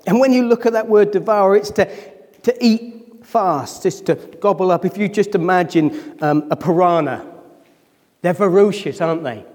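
A man's voice: high voice, moderate pace, darkish tone, long reverb tail. A man preaching a sermon as pastor. He talks emotionally, nears tears, and keeps asking his congregation questions. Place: church hall.

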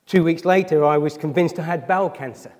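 A man's voice: on the high side, a little fast, darkish tone, in a large hall. A man preaching a sermon as pastor. He talks emotionally, nears tears, and keeps asking his congregation questions. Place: church hall.

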